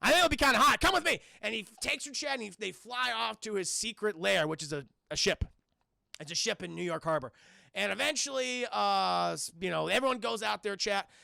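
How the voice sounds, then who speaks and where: A man recounting a cartoon episode to his live chat in a casual, animated, profane way. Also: high voice, normal speed, gravelly, dry recording, clean studio sound. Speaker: streamer and reviewer.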